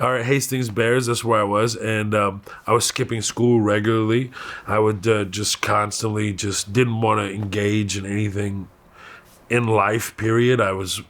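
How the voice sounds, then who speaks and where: A man with a Houston Texan accent telling stories from his youth in a candid interview, animated and laughing often. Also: lowish voice, normal speed. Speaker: comedian guest.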